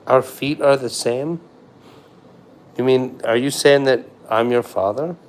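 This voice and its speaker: A man's voice: medium pitch, fairly even intonation, a little slow. Hesitant, rambling man on a livestream. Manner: rambling and hesitant, many fillers, trailing off quietly. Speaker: livestream host. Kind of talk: casual livestream chat.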